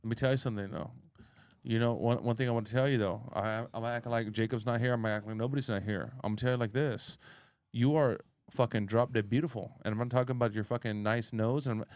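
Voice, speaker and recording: A man's voice: mid-range voice, fairly even intonation, fast, darkish tone, no echo. Brief: man, casual host, repetitive and emphatic, heavy cursing, dry room. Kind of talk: casual podcast chat.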